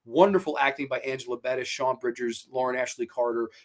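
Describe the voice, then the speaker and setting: A man hosting his own show, casually reviewing a horror film, excitable and swearing freely, with many fillers and repeated words. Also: medium pitch, fairly quick.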